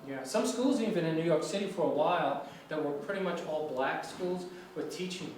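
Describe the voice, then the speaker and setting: Man, american english lecturer, slightly high voice, distant mic, roomy classroom echo. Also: brisk, darkish tone. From United States. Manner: conversational, asks students questions. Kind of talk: classroom discussion. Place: lecture room. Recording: echoey classroom from far off, faint noise.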